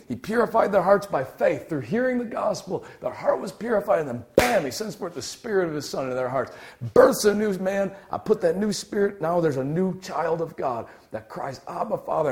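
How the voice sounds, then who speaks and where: A young adult man delivering a sermon with lively, shifting energy. He bursts out loudly on key points, then drops to a hushed, almost whispered tone. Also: high voice, brisk. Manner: animated, swings from loud exclaiming to quiet near-whisper. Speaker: preacher.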